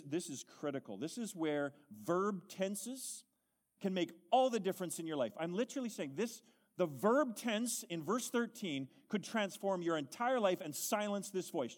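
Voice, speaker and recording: High-voiced earnest male preacher. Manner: earnest, emphatic, building to exclamations. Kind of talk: sermon.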